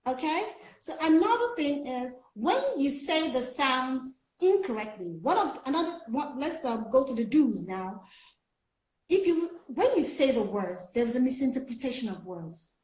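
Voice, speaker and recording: A woman's voice: sits high, sing-song, normal speed, darkish tone. Nigerian woman coaching pronunciation. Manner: explaining with many fillers. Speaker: speech coach. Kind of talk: casual chat on a call. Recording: echoey lo-fi call audio.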